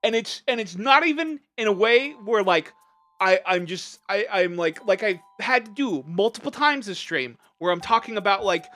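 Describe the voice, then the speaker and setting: A streamer venting to a livestream chat, impassioned and exasperated, trying to stay measured while upset. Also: medium pitch, lively intonation, bright, forceful tone.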